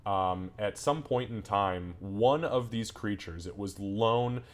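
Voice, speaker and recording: A man's voice: on the low side, takes it slowly. A man running a tabletop game as game master, narrating combat in a casual, profane way. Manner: casual, swears freely, loose descriptive narration.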